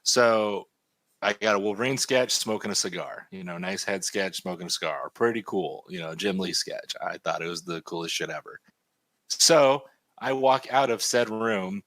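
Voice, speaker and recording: A man telling a story in a casual chat while he draws, animated and swearing freely. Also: sits low, dry recording. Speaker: artist and stream host.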